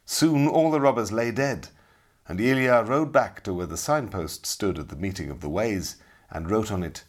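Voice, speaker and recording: A middle-aged man narrating a storybook in an expressive, dramatic way. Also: on the low side, moderate pace. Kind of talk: audiobook storytelling.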